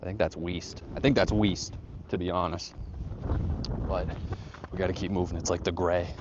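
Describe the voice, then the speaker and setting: A man's voice: deep voice, fairly even intonation, normal speed, lo-fi sound. A man hosting a casual livestream while hiking a snowy trail outdoors, bantering loosely and swearing as he reads chat aloud. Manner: loose, profane, joking banter with viewers. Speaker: livestream host reading chat. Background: wind.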